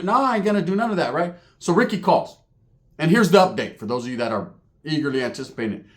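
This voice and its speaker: A young man telling a comic story about his family, profane, animated and full of slang. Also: on the high side, quick pace. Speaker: comedian storyteller.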